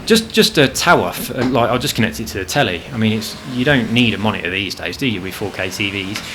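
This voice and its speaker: A man's voice: on the low side, lively intonation, fast, background noise. A man chatting casually over gameplay at home, rambling and swearing freely about his frustrations. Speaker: gaming channel host. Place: home apartment.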